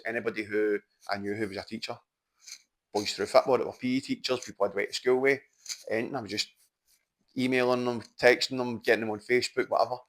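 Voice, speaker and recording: A Scottish man, a mindset coach, telling stories in casual podcast chat, animated and swearing freely. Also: on the low side. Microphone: podcast microphone.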